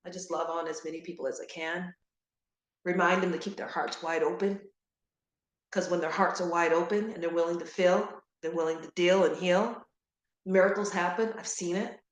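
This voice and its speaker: A middle-aged woman giving an earnest, animated motivational talk to grieving parents, repeating key phrases for emphasis. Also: lowish voice, normal speed, echoey room. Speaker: guest speaker on grief support.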